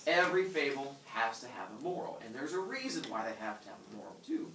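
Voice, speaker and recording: Fast and sing-song at a medium pitch, a young man lectures his class with playful storytelling, joking around and giving animal characters silly voices. Crowd noise can be heard, and the sound is distant and echoey, typical of a classroom.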